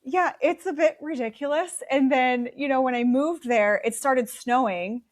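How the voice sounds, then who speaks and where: A middle-aged woman from South Dakota with an Upper Midwest accent, telling stories chattily in a relaxed interview, acting out the voices she quotes. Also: sits high, measured pace. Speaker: guest. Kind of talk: casual conversational storytelling.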